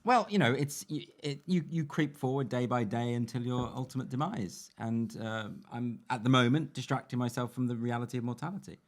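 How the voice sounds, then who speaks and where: A man's voice: mid-range voice, brisk, few pauses. A man, an author guesting on a podcast, chatting with dry, wry wit. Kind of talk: casual comedic chat.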